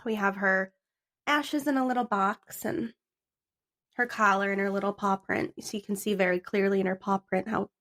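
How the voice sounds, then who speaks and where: A woman's voice: medium pitch, steady tone, normal speed, fairly bright tone. A woman co-hosting a podcast in casual chat, talkative, swearing and laughing easily. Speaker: podcast co-host.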